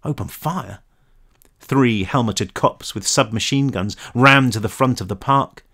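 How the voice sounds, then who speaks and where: A man reading his own novel aloud as tense, expressive audiobook narration. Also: medium pitch, a little slow.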